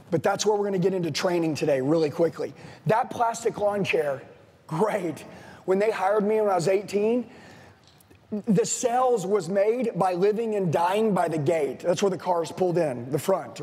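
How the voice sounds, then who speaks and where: Intense high-voiced male sales trainer. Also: a little slow, warm tone, in a large hall. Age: 40s. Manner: intense, blunt, swearing, punchy repeated lines. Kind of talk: motivational speech to a live audience.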